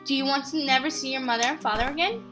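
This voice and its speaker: A woman's voice: high-pitched, quick pace, pushed and bright, faint music behind. A young woman voicing a bossy fake mother who nags a child in a horror game. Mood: scolding. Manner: nagging, bossy. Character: fussy, scolding fake mother, adult woman.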